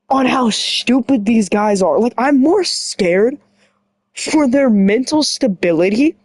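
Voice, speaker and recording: A woman streaming, ranting in casual chat with lots of slang, and she keeps clearing her throat. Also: fairly high pitch, no room sound. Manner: animated slangy rant, full of "bro" and "like".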